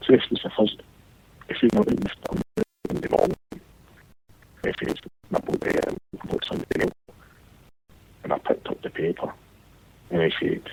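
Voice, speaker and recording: A man with a Glaswegian Scottish accent telling a crude anecdote in casual podcast banter, his pitch swinging wide. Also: sing-song, normal speed, creaky, pauses often, husky. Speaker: guest storyteller. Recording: tinny phone-line sound.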